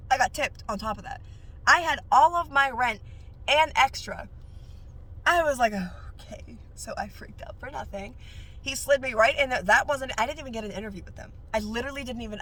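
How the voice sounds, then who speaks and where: A woman who works as a nail technician, sharing her faith testimony in a casual, animated way that jumps up high whenever she gets excited. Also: fairly quick, a little hiss or hum.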